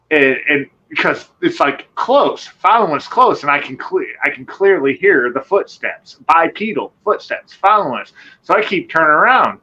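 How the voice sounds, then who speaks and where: A guest from Michigan, speaking on the high side, spins a loose, animated tale of something that happened one night, cursing freely and voicing the other characters himself. It's casual live-show storytelling with a bright, forceful delivery over dull, lo-fi call-style sound.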